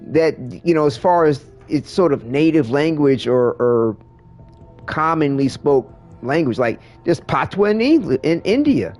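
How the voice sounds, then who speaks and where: A man's voice: on the high side, sing-song, measured pace, darkish tone, soft background music. A man streaming a game, chatting casually with viewers in a rambling way, full of restarts and fillers. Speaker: livestreamer. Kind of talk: casual chat while gaming.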